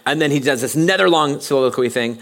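A male pastor delivers a sermon in a church in a mid-pitched voice. He talks conversationally rather than formally, often halting and restarting his sentences as he works through his thoughts. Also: fairly bright tone. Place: church sanctuary.

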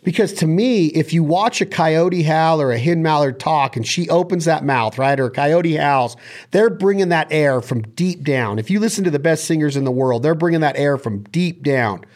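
A man's voice: on the high side, moderate pace, a little mellow. A man hosting a casual chat on duck calling, speaking with enthusiasm and sometimes breaking into vocal call sounds. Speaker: podcast host.

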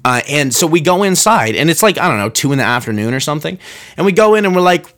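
A man's voice: fairly high pitch, sing-song, fast, fairly bright tone. A young man hosting a solo comedic rant, rambling with sarcasm and restarts, acting out the people he quotes. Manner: frequent restarts and fillers, building exasperation. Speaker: podcast host.

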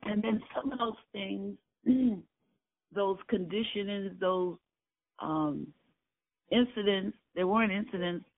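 Older man from Brooklyn, creaky and tinny. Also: sits high, slow pace, no room sound. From Brooklyn, New York. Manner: earnest, emphatic storyteller who repeats key phrases. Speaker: oral history interviewee. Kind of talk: personal recollection in an interview. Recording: dry, tinny phone-like line.

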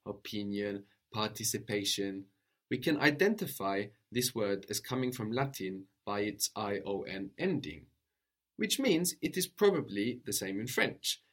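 A man teaching a language lesson, patiently modeling pronunciation slowly and asking a student to repeat. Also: lowish voice.

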